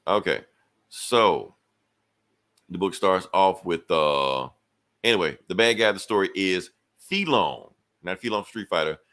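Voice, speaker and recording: A man's voice: deep voice, a bit bright. A man hosting a podcast, casually recapping a comic book in a rambling, slangy way. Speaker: podcast host.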